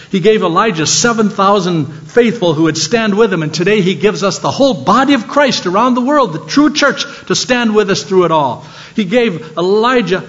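An older man preaching a sermon, telling stories and swinging between animated lines and soft, low ones. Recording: dull lo-fi sound.

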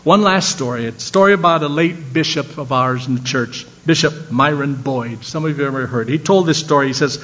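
An older man preaching a sermon, telling stories and swinging between animated lines and soft, low ones. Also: fairly quick, few pauses. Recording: dull lo-fi sound.

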